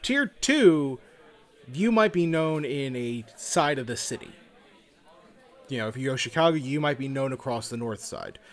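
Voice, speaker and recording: Podcast guy explaining stuff, casual and a bit sweary, mid-pitched voice. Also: lively intonation, normal speed. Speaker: podcast co-host. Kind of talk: casual chat about tabletop games.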